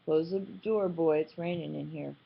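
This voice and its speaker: A woman's voice: low voice, fairly even intonation, moderate pace, vocal fry, breathy edge, exaggerated voice. A woman voicing a stern rural father who gives firm, clipped orders in an audiobook. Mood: steady. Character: stern rural father, older man, steady and commanding. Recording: slightly muffled, dull audio.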